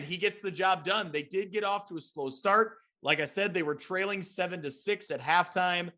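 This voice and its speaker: High school football gets the rapid, enthusiastic recap treatment from this man, who hosts a sports talk podcast.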